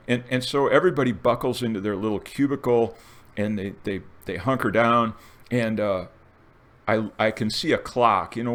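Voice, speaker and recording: An older man in a casual, rambling monologue, telling a dream story with restarts and animated bursts. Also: fairly low pitch. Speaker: video essayist.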